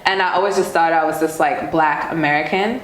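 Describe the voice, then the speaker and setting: A woman's voice: low voice, fairly quick. Chatty young woman from Queens. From Queens, New York. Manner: chatty, many fillers and laughs. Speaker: guest. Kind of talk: casual podcast conversation. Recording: roomy sound with faint noise.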